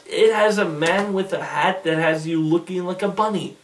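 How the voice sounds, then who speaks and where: A man talks through a casual vlog monologue, often rambling and restarting his thoughts. His voice sits a little high for a man. He sounds set back from the microphone, slightly distant. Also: normal speed. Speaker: vlogger.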